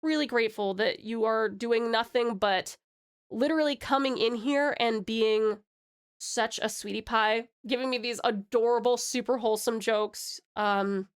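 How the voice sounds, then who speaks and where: A woman's voice: fairly high pitch, a little slow, clean tone. A young woman with an American accent streaming live, chatting with viewers in a bubbly, affectionate, giggly way and calling them pet names, from a home desk mic. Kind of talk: casual live-stream chat.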